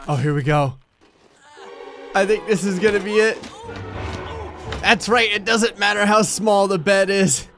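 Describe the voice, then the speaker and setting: A man giving sarcastic, comedic commentary over gameplay, voicing his characters in quick silly asides. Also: high-pitched, a bit bright, faint music behind. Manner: sarcastic, playful, voices sims in silly asides. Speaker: let's play commentator.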